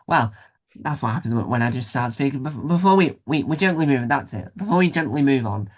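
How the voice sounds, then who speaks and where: A man's voice: mid-range voice, lively intonation, brisk. A man hosting a casual interview, rambling and self-deprecating with many restarts. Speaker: podcast host interviewer.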